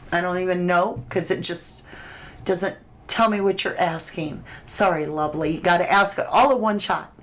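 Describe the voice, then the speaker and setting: A woman with a lowish voice reads tarot cards live and answers viewer questions. She talks in a loose, chatty way, restarting her sentences. A faint hiss sits under her voice. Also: low-quality recording. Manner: chatty and conversational, with frequent restarts and fillers. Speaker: tarot reader host.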